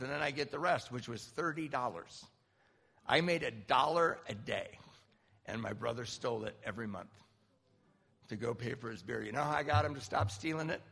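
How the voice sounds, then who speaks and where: A man in his fifties from Southern California, speaking at a recovery meeting and telling a personal story in an animated, self-mocking way. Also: mid-range voice, gravelly, breathy edge. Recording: reverberant hall.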